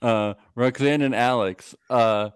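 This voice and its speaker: A man's voice: mid-range voice, takes it slowly, smooth, no room sound, studio quality. A man co-hosting a casual comedic podcast recap, joking and swearing freely. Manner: jokey, swears freely, slips into silly voices. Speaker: podcast co-host.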